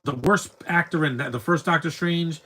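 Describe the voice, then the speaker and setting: Husky, bright-toned man commentating a film. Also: on the high side, moderate pace, low-quality recording. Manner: rambling, blunt, talks back at the screen; stumbles and repeats words. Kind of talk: live movie commentary.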